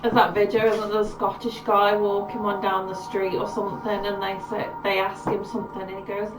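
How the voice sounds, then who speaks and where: A woman's voice: mid-range voice, little pitch movement, a little fast, background noise. A woman playing a tabletop game who chats casually and agrees readily. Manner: chatty, agreeable. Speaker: player. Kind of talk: casual chat. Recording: roomy distant mic with music.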